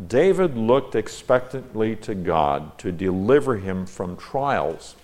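A man with a somewhat low voice leads a Bible study. He reads each verse aloud in a measured way, pausing on key words, then stops to explain the Hebrew behind it. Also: darkish tone. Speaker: Bible teacher.

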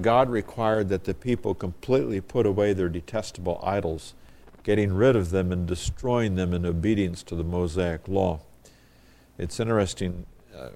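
A man with a deep, low-pitched voice delivers an expository sermon. He reads the scripture passages with mounting emphasis. Between readings he explains the text in an earnest, measured way, with the occasional filler. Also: darkish tone. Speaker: preacher.

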